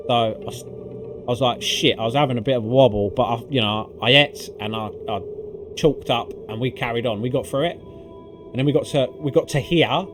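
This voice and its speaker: Over background music, a gaming video creator with a medium-pitched voice casually recounts climbing through a video game at normal speed. He curses often and gets excited, his speech cluttered with fillers.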